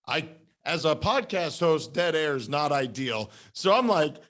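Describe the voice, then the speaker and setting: A man's voice: fairly high pitch, very animated, measured pace, fairly bright tone. A man hosting a podcast, talking casually with his guest and calling him brother. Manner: informal, calls guest "brother". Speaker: podcast host. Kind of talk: casual interview chat.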